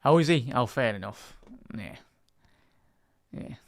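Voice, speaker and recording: A man's voice: mid-range voice, animated, slow pace, no room sound, studio quality. A man with a Liverpool Scouse accent giving live fan commentary on a football match, chatting with his viewers and laughing often. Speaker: football commentator and YouTube host.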